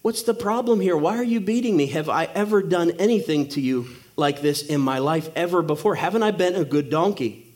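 A man's voice: fairly high pitch, expressive, a little fast, a little mellow, close to an everyday voice. A man voicing a talking donkey that complains about being beaten, in an indignant pleading tone.

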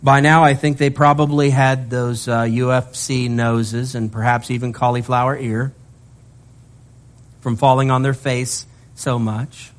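Animated, joking male preacher. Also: mid-range voice, a little slow. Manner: animated, with humorous asides. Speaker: pastor. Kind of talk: sermon.

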